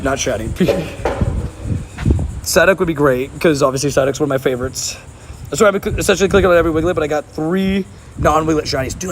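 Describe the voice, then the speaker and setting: Chatty man streaming outdoors. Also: on the high side. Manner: laughs often, talks to chat. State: sweaty and hot. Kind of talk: casual live-stream chat. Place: outdoors at a park by water. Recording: faint outdoor background noise.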